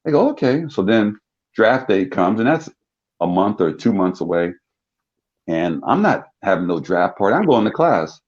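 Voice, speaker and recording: Animated older storyteller man, lo-fi sound. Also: moderate pace. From South Jersey. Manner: animated storyteller, acts out quoted voices with big pitch jumps. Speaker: guest, former pro football player. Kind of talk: storytelling in a talk-show interview. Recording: dull lo-fi sound.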